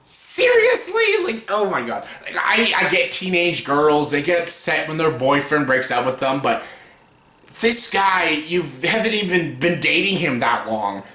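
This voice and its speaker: This young YouTuber's voice is fairly high and sharp, with lively intonation and an unhurried pace. Ranting through a casual film review in an echoey room, he sounds exasperated and mocking, swearing often and breaking into laughs.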